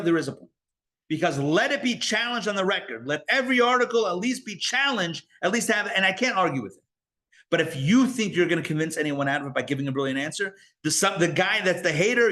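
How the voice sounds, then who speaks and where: A man, a rabbi, teaching a live Torah class in an animated, conversational way, full of rhetorical questions and asides. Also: high voice.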